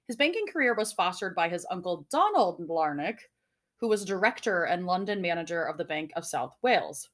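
A woman's voice: fairly low pitch, very animated, brisk, fairly bright tone. Lady podcast host, giggly, swears a lot, casual chat. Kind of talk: casual chat reading a mystery.

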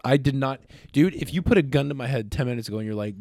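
A man co-hosting a casual podcast, bantering with lots of swearing and excitable outbursts. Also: mid-range voice, fast talker, dry recording, clean studio sound. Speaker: podcast co-host. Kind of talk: casual chat.

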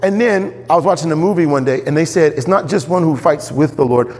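A man preaching a sermon as pastor, animated, jumping up in pitch when he voices quoted characters. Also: brisk, long reverb tail, slight background noise.

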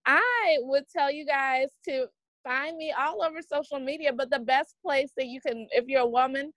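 A woman in her forties speaks with a Southern US accent, her voice sitting fairly high. She guests on a podcast in an upbeat, motivational way and calls people "honey." The recording is close and dry. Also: moderate pace, a bit bright, dry recording, poor audio. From American South. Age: 40s. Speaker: podcast guest, business coach. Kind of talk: conversational interview.

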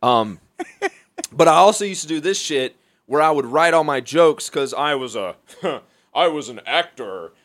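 A man's voice: on the high side, lively intonation, unhurried, a bit bright, no room sound. A young man, a stand-up comedian, telling stories in a casual chat, rambling with restarts, swearing and laughing. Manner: profane, rambling storytelling with frequent restarts and laughs. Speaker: stand-up comedian, podcast guest. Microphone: studio microphone.

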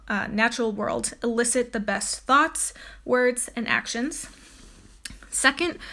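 A woman's voice: a little high, a bit bright. A woman giving an informal lecture on a poet and reading a poem aloud, with frequent ums and uhs. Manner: casual, many ums and uhs. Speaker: teacher presenting a poet.

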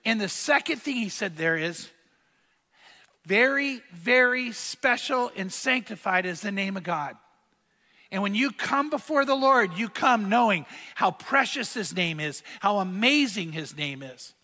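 His voice sits high and his pace is unhurried as this middle-aged pastor preaches, spinning stories casually and voicing the characters' lines in a lively, conversational way. The sermon echoes through a reverberant church hall.

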